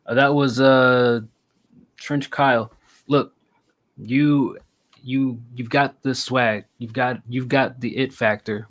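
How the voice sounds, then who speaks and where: A man's voice: mid-range voice, fairly bright tone. A man co-hosting a music review show, giving blunt casual feedback with lots of fillers.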